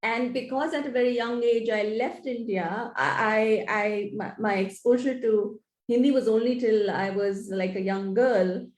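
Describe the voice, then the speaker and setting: A woman's voice: a little high, unhurried, hardly any pauses, darkish tone. A woman author being interviewed, explaining things in an earnest, thoughtful way. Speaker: author guest. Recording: echoey room.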